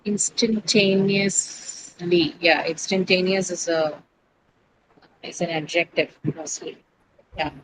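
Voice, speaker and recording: A woman's voice: lowish voice, steady tone, a little slow, pauses often, fairly bright tone, low-quality recording. A woman teacher leads a pronunciation lesson in a classroom, asking her students questions as she goes. She explains each point step by step, hesitates on fillers and corrects her own slips. A faint hum of ambience sits behind her voice.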